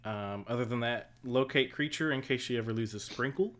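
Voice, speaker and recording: A woman co-hosting a casual podcast recap, laughing often and filling pauses with ums and mm-hmms. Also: extremely low pitch. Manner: giggly, many fillers and mm-hmms. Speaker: podcast co-host.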